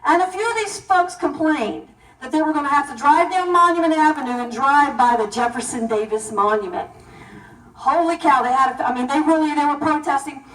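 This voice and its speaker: High-voiced woman in an echoey hall. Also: a little fast, far from the mic. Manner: animated, emphatic storytelling. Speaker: keynote banquet speaker. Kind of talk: storytelling speech to an audience. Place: banquet hall.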